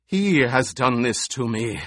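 Man doing a raspy, cornered old baron, slow, pleading. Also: mid-range voice, lively intonation, fairly bright tone, no echo, studio quality. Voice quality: rasping. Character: scheming, frightened male baron, old and brutish.

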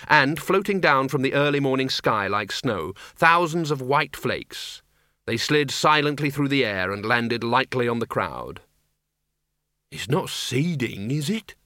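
Expressive man narrating a comic story. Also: mid-range voice, measured pace, no room sound, studio quality. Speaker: audiobook narrator.

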